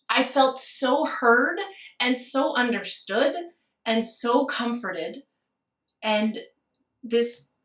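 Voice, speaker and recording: A middle-aged woman, a podcast guest, telling a personal story candidly and with emotion, slowing down and laughing softly at times. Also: fairly high pitch, roomy sound, recorded from a distance. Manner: candid and emotional, with soft laughs and slowed phrases.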